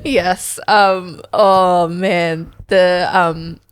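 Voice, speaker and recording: A woman's voice: on the low side, steady tone, very slow, clean tone, no echo, clean studio sound. A woman co-hosting a casual parenting podcast, laughing often and retelling her kids' stories with lots of energy. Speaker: podcast co-host.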